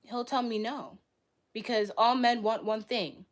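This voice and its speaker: Young woman, stream host, blunt and argumentative, answers chat with quick retorts. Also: fairly high pitch, fairly even intonation. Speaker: livestream host. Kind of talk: live stream debate reading chat.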